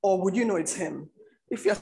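Preacher delivering a sermon with mid-range pitch; leans on repetition and direct questions to the congregation. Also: brisk, creaky, warm tone, low-quality recording. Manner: repeats key phrases, asks the listeners rhetorical questions.

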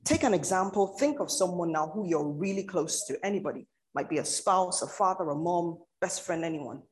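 Preacher delivering a sermon with mid-range pitch; leans on repetition and direct questions to the congregation. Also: animated, normal speed, low-quality recording. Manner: repeats key phrases, asks the listeners rhetorical questions.

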